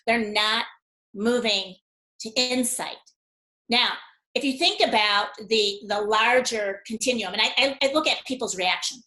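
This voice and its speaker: A woman guest on a webinar, explaining ideas through an animated story and acting out the dialogue as she goes. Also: a little high, a little slow, reverberant, rough recording. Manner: animated storyteller who acts out dialogue, with frequent laughs.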